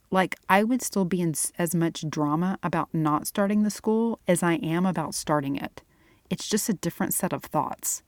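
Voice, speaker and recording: A woman's voice: on the low side, a little mellow, no echo. A woman hosting a faith-based fitness podcast as a nutritionist, talking in an earnest, encouraging, chatty way.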